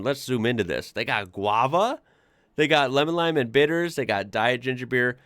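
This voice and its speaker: A man's voice: mid-range voice, fairly bright tone, dry recording, studio quality. A man hosting a casual reaction video, chatting with lots of fillers and laughing often.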